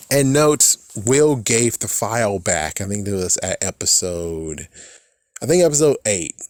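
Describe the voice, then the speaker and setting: A man with a somewhat low voice rants through a TV recap, animated and swearing freely. The sound is dry and close, with no room around it. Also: a little slow, dry recording. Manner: animated, profane, laughing asides. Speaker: show recap vlogger. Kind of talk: casual reaction rant.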